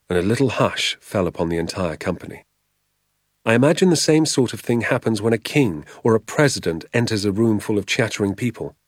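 Low-voiced man narrating a storybook. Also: slightly rough, dry recording, clean studio sound. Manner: measured, expressive reading. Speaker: audiobook narrator.

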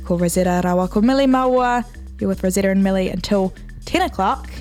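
A woman's voice: mid-range voice, a little fast, darkish tone, faint music behind. A woman with a New Zealand accent co-hosting a breakfast radio show, chatting casually and upbeat, weaving te reo Māori greetings into her English.

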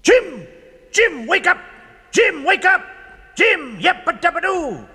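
A man voicing a small, excitable, brave male mouse who talks in an urgent hurry. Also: extremely high pitch, slow, voice pushed up, heavily acted. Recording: reverberant, with loud music.

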